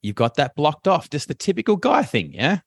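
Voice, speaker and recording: A man, a coach talking casually as a podcast guest, animated and chatty with plenty of fillers. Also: a little high, moderate pace, husky, dry recording, clean studio sound. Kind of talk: casual interview chat.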